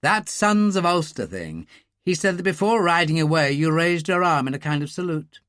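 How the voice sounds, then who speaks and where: Urbane male insider, read by a narrator, gossipy briefing manner, higher and lively. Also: moderate pace, no echo, clean studio sound. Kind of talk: audiobook character reading.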